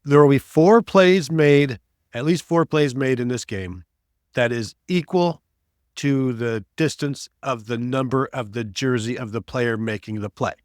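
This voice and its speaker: A man's voice: mid-range voice, a little slow, no echo, studio quality. A man hosting a sports podcast with playful, teasing banter. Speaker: podcast host.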